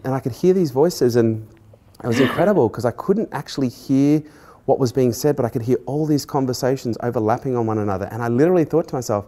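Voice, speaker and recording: Aussie guy, middle-aged, medium pitch voice, earnest storytelling to a guest, gets animated now and then. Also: fast talker. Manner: earnest, animated when retelling dialogue, laughs at himself. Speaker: podcast host. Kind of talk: personal storytelling in a conversation.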